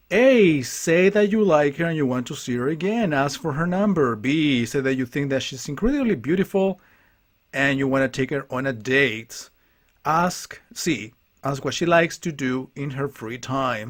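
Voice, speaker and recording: Brief: male streamer, casual game commentary, crude jokes. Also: fairly high pitch. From Chile. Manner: crude, joking asides. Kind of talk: casual live gameplay commentary.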